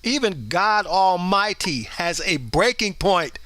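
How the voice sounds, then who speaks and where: A man's voice: high-pitched, big pitch swings, slow pace, sharp tone, no room sound. A middle-aged man hosting a commentary show, delivering a blunt, preachy monologue and acting out the people in his stories. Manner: preachy, blunt and emphatic, acts out voices in stories.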